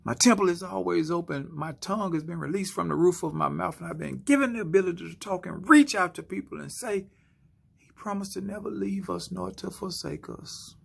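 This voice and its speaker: A man giving a spoken-word motivational sermon, slow and dramatic, often dropping into hushed whispers. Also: sits high, gravelly, breathy edge. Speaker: motivational speaker.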